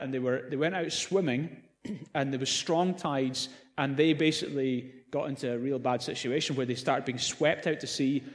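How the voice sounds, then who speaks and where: A man's voice: medium pitch, in a large hall. A man, a pastor, preaching a sermon in a conversational way with playful asides.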